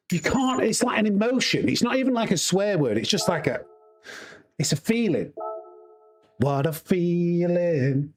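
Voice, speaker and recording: A man with a Yorkshire accent, a sim racing streamer chatting casually and rambling to his live chat while he plays. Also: high-pitched. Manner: chatty, rambling, laughs easily.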